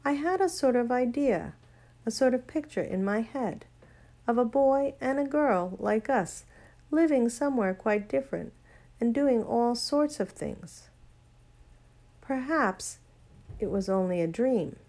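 A woman reading a storybook aloud, voicing a thoughtful, dreamy young girl with a soft, wondering manner. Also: on the high side, lively intonation, measured pace, pitched above the performer's own voice.

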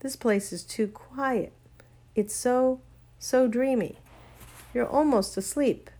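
A woman reading a storybook aloud, voicing a thoughtful, dreamy young girl with a soft, wondering manner. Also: on the high side, slow, pitched above the performer's own voice.

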